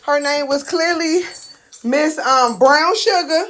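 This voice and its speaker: High, animated woman storyteller, roomy echo. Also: slow pace. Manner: animated, acts out quotes with big pitch swings. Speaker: storyteller host. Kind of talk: casual storytime chat. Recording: echoey room with faint noise.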